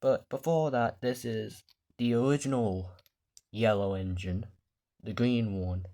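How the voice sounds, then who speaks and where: A man's voice: fairly low pitch, steady tone, unhurried, dark tone. A man casually showing his toy collection in a vlog, rambling off the cuff and swearing when the camera loses focus. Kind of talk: casual show-and-tell vlog.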